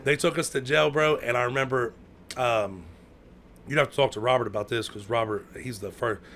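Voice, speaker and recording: An American man telling a story in casual chat, full of slang, who acts out quotes with sudden loud outbursts. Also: medium pitch, a little fast, slight background noise. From United States. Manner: heavy slang, lots of "bro" and "like".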